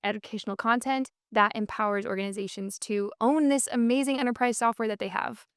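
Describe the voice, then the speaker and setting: Smooth-voiced Minnesota woman, upbeat guest. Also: on the high side, fairly quick, no echo, clean studio sound. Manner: upbeat, fluent storytelling with frequent 'um' and 'and so'. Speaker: podcast guest, business co-founder. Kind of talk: casual interview conversation.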